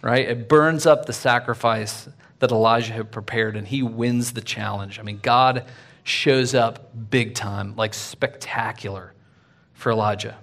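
A man preaching a sermon in a casual, conversational way, full of fillers and "right?", swinging from loud and lively to quiet. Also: mid-range voice, a little slow. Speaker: pastor.

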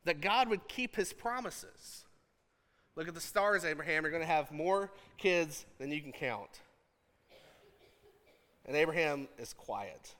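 High, bright-voiced male preacher. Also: in a large hall. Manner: animated, conversational, jokey. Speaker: pastor. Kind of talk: sermon.

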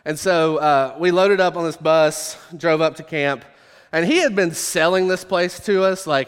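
Male pastor, humorous storyteller, higher voice, lots of hall reverb. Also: unhurried, smooth. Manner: humorous, self-deprecating storyteller. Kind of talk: storytelling sermon.

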